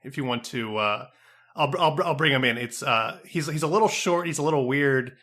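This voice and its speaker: A man co-hosting a comedy podcast, playing along in improv with a hesitant, halting way of talking. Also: mid-range voice, fairly bright tone. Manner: hesitant, full of filler words. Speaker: podcast co-host.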